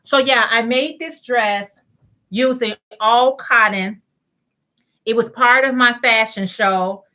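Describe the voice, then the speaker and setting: A woman's voice: on the high side, slow pace, sharp tone. A woman hosting a crochet livestream, chatting casually, greeting viewers by name and reading their comments aloud.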